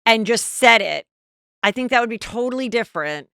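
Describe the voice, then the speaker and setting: A middle-aged woman hosting a podcast, telling stories in a chatty, animated casual chat. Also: fairly high pitch, fairly quick, creaky, dry recording, clean studio sound. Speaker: podcast host.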